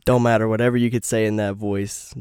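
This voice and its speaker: A man's voice: level tone, a little fast, darkish tone, clear, resonant tone, no room sound, studio quality. A man hosting a podcast in casual chat, laid-back and laughing often. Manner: laid-back, laughs often, drops into deep put-on voices. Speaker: podcast host.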